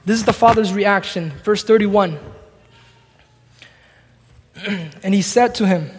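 A man's voice: high voice, a little slow, long pauses, slightly rough, big-room sound. A man preaching a sermon, reading scripture aloud and acting out its dialogue. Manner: expository, reads scripture and acts out the dialogue.

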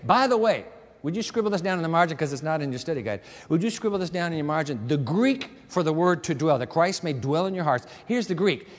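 A man preaching a sermon as pastor in a church, moving between quiet asides to the congregation and loud, emphatic passages. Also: fairly high pitch, expressive, fast talker, long reverb tail. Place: church sanctuary with a balcony.

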